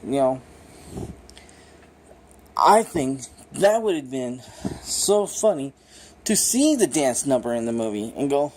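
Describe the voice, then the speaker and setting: A man talks through a movie review in a loose, off-the-cuff way. His voice sits at an ordinary middle pitch. He rambles and gets excited, swears freely and leans on constant fillers. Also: slow pace, pauses often, slight background noise. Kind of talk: casual unscripted film review.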